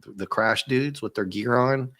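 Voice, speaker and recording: A man's voice: medium pitch, moderate pace, fairly bright tone, no room sound, studio quality. A man hosting a casual comic book review, chatty, laughing often and restarting his sentences.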